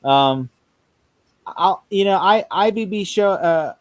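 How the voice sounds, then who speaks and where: A man's voice: high-pitched, animated, slow pace. A young man chatting casually on a podcast, rambling, laughing often and acting out lines he quotes. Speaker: podcast host. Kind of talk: casual chat.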